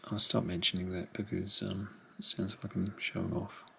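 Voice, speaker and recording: A middle-aged man unboxing a collection, musing quietly, half to himself, in a room at home. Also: sits low, level tone, moderate pace, gravelly. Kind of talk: casual unboxing commentary. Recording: rustling packaging noise behind.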